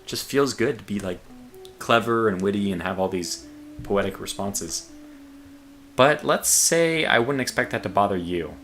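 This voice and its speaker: Male streamer, lowish voice, forceful edge, rambly thinking-out-loud commentary. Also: lively intonation, moderate pace, faint music behind. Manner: rambling, thinks aloud with many fillers; calls himself a quiet guy. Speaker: game streamer. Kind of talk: casual livestream commentary.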